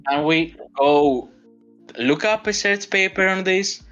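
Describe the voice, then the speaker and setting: A man's voice: high voice, slow, a bit bright, dull audio, soft background music. Insistent man debating in voice chat. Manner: defensive, insistent, stumbling restarts. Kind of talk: heated online voice-chat debate.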